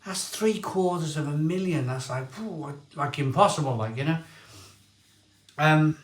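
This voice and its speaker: A man's voice: a little high, unhurried, echoey room. Rambling man telling stories. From Barry, Wales. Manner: rambling storyteller, lively and excitable, often restarts sentences. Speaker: livestream host. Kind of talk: casual livestream chat, reading viewer comments.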